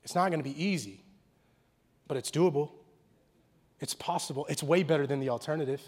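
A pastor's sermon comes across as casual conversation peppered with slang, rising from quiet intimacy to loud energy and back. His voice is a little high and breathy-edged, and he talks a little fast.

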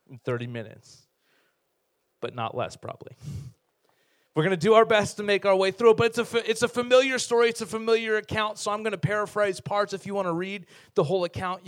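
Male pastor, fairly high voice, casual and jokey, sermon delivery. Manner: lively, conversational, humorous storytelling.

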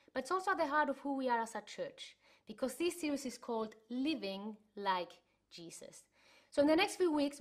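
A woman from Chile giving an earnest sermon to an online church congregation, telling stories as she teaches. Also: fairly high pitch. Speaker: church speaker.

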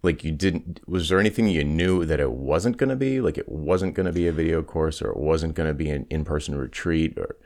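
A man's voice: extremely low pitch, fairly quick, hardly any pauses, a little mellow. A man co-hosting a business podcast, asking curious, rambling questions in casual conversation. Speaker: podcast co-host.

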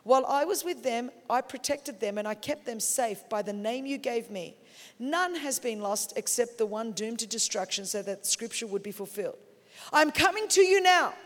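Man, very high voice, emphatic preacher, long echoing hall reverb. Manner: emphatic, slows and rises for key phrases; puts on calm God voice and panicked church voice. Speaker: pastor. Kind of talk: sermon.

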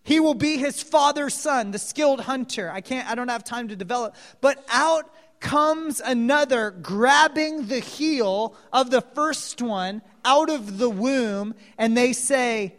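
Male preacher, animated storytelling, unhurried delivery, long hall reverb. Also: extremely high pitch. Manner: animated storyteller, asks the audience questions. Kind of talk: sermon retelling a Bible story.

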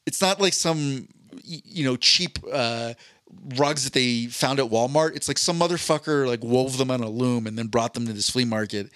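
A man's voice: medium pitch, normal speed, a bit bright, no echo, studio quality. A man co-hosting a podcast, telling a long, rambling story in casual chat with a swear here and there. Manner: rambling anecdotal storytelling with profanity. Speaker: podcast co-host.

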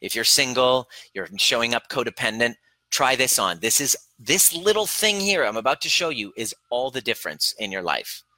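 A man's voice: mid-range voice, very animated, moderate pace, pushed and bright, dry recording, low-quality recording. A man working as a relationship coach who speaks earnestly and emphatically, retelling a client session in quoted dialogue and addressing the listener directly. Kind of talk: coaching talk to camera.

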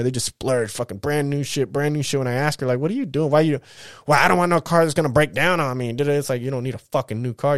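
Man in his thirties, confessional vlog, blunt and profane, smooth clear tone, dry close sound. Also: mid-range voice, dry recording. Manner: blunt, heavy swearing, rambling slang. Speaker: vlogger telling his life story. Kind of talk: casual confessional monologue.

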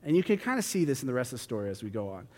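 A man reads a Bible passage and then explains it in a relaxed, conversational way, thinking aloud with fillers and restarts. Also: medium pitch, very fast. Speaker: Bible teacher. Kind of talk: reading scripture then explaining it casually. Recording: long hall reverb.

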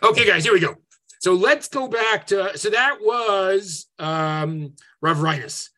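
A man teaching an interactive online class as a rabbi, conversational and lively, often checking in with "right?". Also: high-pitched, slow pace. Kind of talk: interactive Zoom lecture. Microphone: video call.

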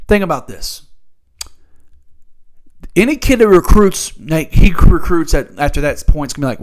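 A man's voice: high-pitched, animated, unhurried, long pauses. A man hosting a solo sports talk show, ranting in a fired-up, profane way. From Louisville area.

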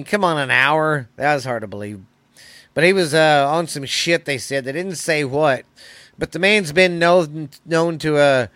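A man's voice: mid-range voice, fairly bright tone, clean tone, no room sound. A man hosting a podcast, telling news stories in a loose, profane, rambling way. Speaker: podcast host. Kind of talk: casual podcast chat.

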